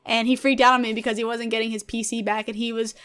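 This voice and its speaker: A woman's voice: a little high, fast, smooth. A young woman in her twenties chatting enthusiastically in a casual vlog about her past jobs. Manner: chatty, enthusiastic, animated storyteller. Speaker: gaming YouTuber and streamer.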